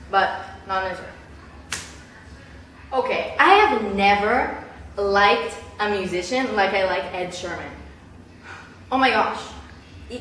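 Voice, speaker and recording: A woman's voice: on the high side, a bit bright, heavy reverb, distant mic, a little hiss or hum, rough recording. A young woman vlogging casually, gushing and chatty with lots of "like". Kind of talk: casual chat.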